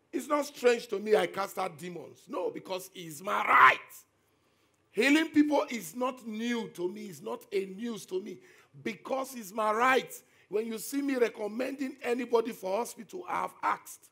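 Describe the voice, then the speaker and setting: Gravelly pastor preaching. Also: male voice, high voice, lively intonation, normal speed, bright, forceful tone. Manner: emphatic preaching with repeated phrases. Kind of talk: sermon.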